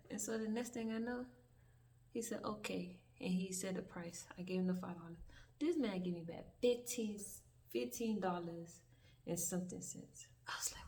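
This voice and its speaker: Here a young woman with a creaky, medium-pitched voice recounts a rambling story peppered with swearing, vlog-style and casual. She's expressive and keeps breaking off into asides; the recording is distant, with faint hiss underneath.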